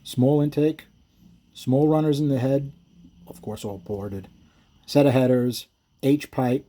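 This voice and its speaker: A man's voice: mid-range voice, steady tone, takes it slowly, mellow. A man who builds engines, explaining his work in casual, rambling shop talk that wanders into stories, with frequent self-corrections and chuckles.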